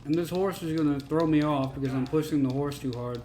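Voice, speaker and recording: A man casually commenting on a video game as he plays, excitable and joking. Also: a little high, brisk, echoey room, a little hiss or hum. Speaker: streamer playing a game.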